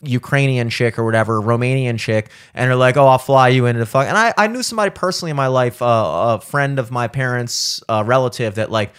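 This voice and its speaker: A man's voice: medium pitch, lively intonation, a little fast, hardly any pauses, fairly bright tone, clear, resonant tone. A man on a casual podcast, rambling and swearing, full of fillers and restarts. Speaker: podcast co-host.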